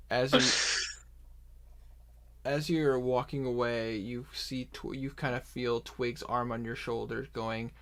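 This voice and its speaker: A man narrates a tabletop game as its dungeon master, in an easy voice of middling pitch. He paces himself slowly and often stops to rephrase mid-sentence. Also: steady tone. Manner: unhurried narration with many restarts and asides.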